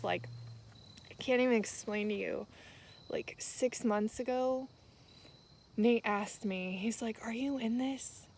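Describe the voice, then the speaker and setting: A woman's voice: a little high, a little mellow, a little hiss or hum. A young woman vlogger sharing a personal faith testimony, tearful and emotional, with many fillers as she tells her story.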